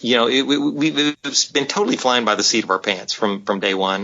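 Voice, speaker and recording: A man's voice: on the low side, pushed and bright. A man telling a long story as a podcast guest, rambling with many fillers and restarts. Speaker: guest, publisher. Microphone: on the phone line. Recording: dull lo-fi sound.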